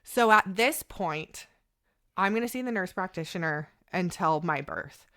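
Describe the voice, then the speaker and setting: Animated bright-voiced woman telling a story. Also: on the low side, unhurried. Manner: animated, quotes conversations in voices. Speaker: podcast guest. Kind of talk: casual storytelling chat.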